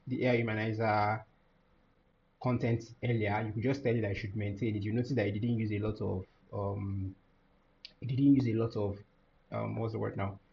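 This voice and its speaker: A man teaching a software tutorial over a screen share, thinking aloud with many fillers and restarts. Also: on the low side, creaky, muffled recording, slight background noise. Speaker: course instructor.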